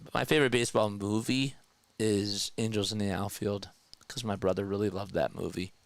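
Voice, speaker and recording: A young man doing casual play-by-play of a live baseball game and chatting with his viewers between pitches. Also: brisk, dry recording. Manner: gets loud and high when excited. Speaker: fan play-by-play streamer.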